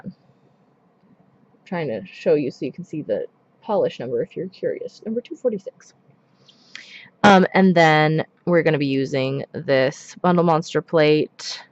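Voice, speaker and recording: A woman's voice: low voice, slow, muffled recording. A woman chatting casually on a live stream while she paints her nails, rambling with many asides. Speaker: nail art streamer.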